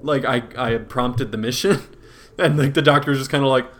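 A man's voice: mid-range voice, steady tone, a little fast, fairly bright tone. A young man on a podcast, chatting casually and laughing as he tells a story about a video game. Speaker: podcast co-host. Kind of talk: casual chat.

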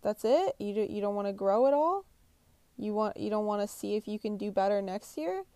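A woman's voice: mid-range voice, animated, a little fast, warm tone, no room sound. Blunt, foul-mouthed motivational woman. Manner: blunt, swears constantly, pushy pep talk. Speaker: motivational speaker. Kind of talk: profane motivational monologue.

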